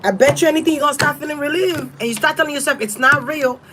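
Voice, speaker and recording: Woman tarot reader, casual and blunt, swears freely, slightly high voice. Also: rapid-fire, background noise. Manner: blunt, profane, emphatic. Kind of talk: casual spiritual advice.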